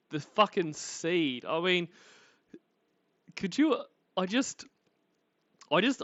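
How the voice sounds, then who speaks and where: A man's voice: mid-range voice, fairly bright tone, dry recording. A man with an Australian accent hosting a livestream, rambling and mocking and swearing freely as he comments. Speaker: livestream host. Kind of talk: casual commentary. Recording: dry, slightly muffled audio.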